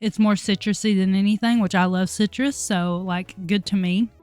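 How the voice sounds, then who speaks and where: A young woman talks candidly to camera, chatty and quick to laugh. Her voice sits at an ordinary middle pitch. It is recorded dry and close, with faint music underneath. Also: fairly even intonation, a little mellow, clean tone, no echo. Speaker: vlogger. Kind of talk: casual chat to camera.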